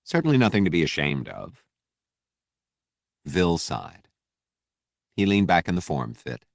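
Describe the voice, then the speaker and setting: A man with a very deep voice reads an audiobook in a steady, measured way. The sound is dry and close, with little room around it. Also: gravelly, no room sound. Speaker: audiobook narrator. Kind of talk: scripted narration.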